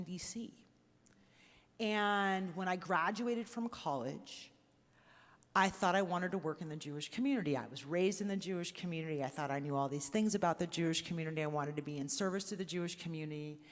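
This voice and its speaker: A woman closing a live panel talk with a story, earnest and building to rising questions. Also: lowish voice. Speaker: panel moderator closing a synagogue conversation. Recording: reverberant hall recording.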